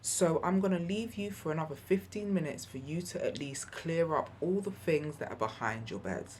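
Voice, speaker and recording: A woman with a low, deep voice talks through parenting tips in a relaxed home vlog. She is chatty and candid, and she often laughs and acts out past conversations. A faint hiss sits under her voice. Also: normal speed. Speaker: parenting vlogger. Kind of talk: casual advice vlog.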